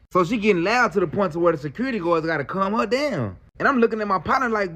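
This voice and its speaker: High-voiced man telling a story. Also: quick pace, few pauses. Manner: slangy and animated. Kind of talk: casual storytelling.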